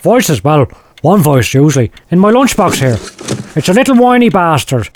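A man's voice: on the high side, big pitch swings, normal speed, a little hiss or hum. An actor playing an erratic, foul-mouthed man who hears voices, rambling and swearing in a comic audio drama. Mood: agitated.

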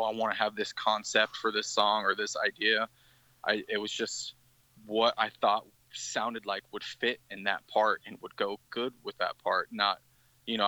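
A man's voice: on the low side, sharp tone, no echo, rough recording. A man, a band's guitarist, telling a rambling story in a casual podcast interview, with many restarts. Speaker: musician guest.

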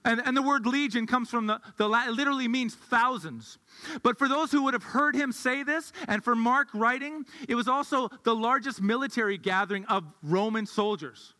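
Guy pastor preaching, high bright voice, chatty, echoey hall. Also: a little fast. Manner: conversational, thinks aloud with restarts. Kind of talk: sermon.

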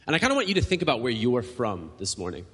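Male pastor, middle-pitched voice, casual halting sermon delivery, recorded in a big echoing church hall. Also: huge pitch swings, a bit bright, breathy edge. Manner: conversational preaching with frequent fillers and restarts. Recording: long hall reverb.

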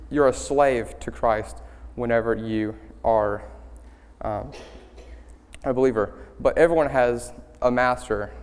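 A young man giving a student-led sermon, earnest and halting, with many ums and restarts. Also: mid-range voice, darkish tone, clean tone. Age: young adult. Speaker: student speaker leading worship. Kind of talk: church sermon. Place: church sanctuary. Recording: hall reverb in a church.

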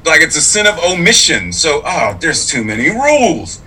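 A man's voice: on the high side, sing-song, moderate pace, pushed and bright, slightly rough, low-quality recording. A man who is both clergy and a public school teacher, speaking in a casual interview in an earnest, reflective and emphatic way.

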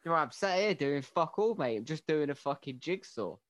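A man's voice: on the high side, expressive, a little fast, fairly bright tone, no room sound, clean studio sound. A man putting on a crude, bored older man on the phone, blunt and sweary.

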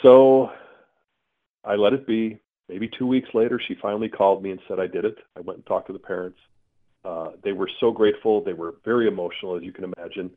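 A man's voice: fairly low pitch, brisk. Middle-aged man on a tinny phone line. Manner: earnest, animated storyteller acting out his own asides. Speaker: guest. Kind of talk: telling a personal story in conversation.

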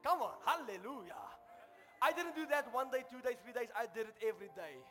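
A man's voice: very high-pitched, lively intonation, fairly quick, pushed and bright. A South African man preaching a sermon to a congregation, telling a personal story with fervour and calling out to his listeners. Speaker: pastor. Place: church hall before a congregation. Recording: long hall reverb with faint music.

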